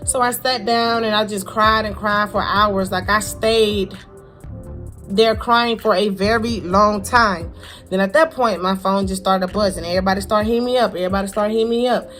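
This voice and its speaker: A young woman from Florida, telling a personal story to camera in a halting, repetitive, heartfelt way with casual slang. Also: medium pitch, fairly even intonation, fairly bright tone, faint music behind. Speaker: vlogger.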